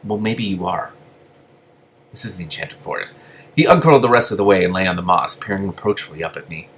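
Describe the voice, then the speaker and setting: A man's voice: deep voice, lively intonation, fast talker, fairly bright tone. A man reading a novel aloud and breaking in with gushing asides. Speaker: reader.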